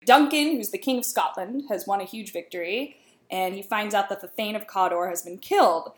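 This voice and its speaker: A woman's voice: medium pitch, lively intonation. Chatty woman in an echoey room. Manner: chatty, laughing, quick asides. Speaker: podcast co-host. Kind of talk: casual chat, plot summary.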